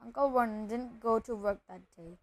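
A woman with a fairly high voice reads a children's novel aloud at a steady pace. She sometimes stumbles and restarts a phrase. The recording is dry and close, with no room sound. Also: moderate pace, dry recording, rough recording. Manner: steady reading with occasional slips and restarts. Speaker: reader.

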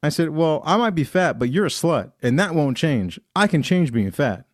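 Young man, podcast co-host, casual storytelling, profane, animated pitch, dry close sound. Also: normal speed, dry recording. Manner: loose storyteller, swears a lot, acts out quoted voices. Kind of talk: casual chat.

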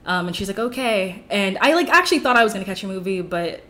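A woman's voice: mid-range voice, animated, fast talker, fairly bright tone. Chatty young woman telling a story. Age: young adult. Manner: rambling, fills with "like" constantly. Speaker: podcast guest. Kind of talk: casual storytelling.

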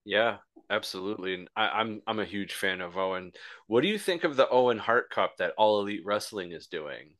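Low-voiced podcast host asking questions. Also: male voice, animated, a little fast, fairly bright tone. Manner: rambling, self-correcting questions. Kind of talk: interview questions.

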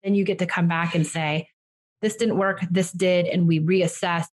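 Parenting coach, woman, lower register, direct and reassuring delivery. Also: fairly even intonation, moderate pace. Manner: direct, reassuring, acts out what to say to children. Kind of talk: advice session.

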